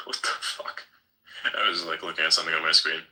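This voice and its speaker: A man's voice: extremely low pitch, flat delivery, fairly quick, bright, forceful tone, low-quality recording. A man chatting casually, stumbling over and repeating words, swearing now and then. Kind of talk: casual chat.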